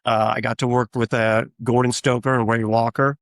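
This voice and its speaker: A man's voice: medium pitch, little pitch movement, normal speed, dry recording. Man telling stories in a dry close voice. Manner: rambling anecdotal storytelling with frequent fillers. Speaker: guest, tribute artist for a famous singer. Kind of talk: casual interview chat.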